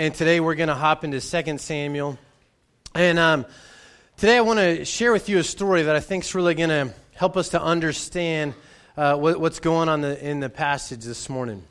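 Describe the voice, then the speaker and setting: A man's voice: on the high side, fairly bright tone, clean tone. A man who is a pastor, preaching in a conversational way and often repeating words as he restarts. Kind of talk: sermon with a personal story.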